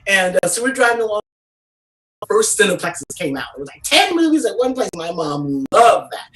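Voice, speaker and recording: A woman doing a stand-up comedy set, telling brash, profane stories in an animated way. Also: medium pitch, normal speed, distant mic, low-quality recording.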